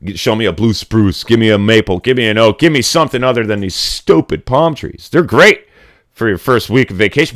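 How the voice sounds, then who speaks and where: A middle-aged Connecticut man runs a casual livestream chat, ranting with blunt, rambling profanity. He sounds animated and a little fast, with a fairly low, fairly bright voice. The recording is dry and clean, studio grade.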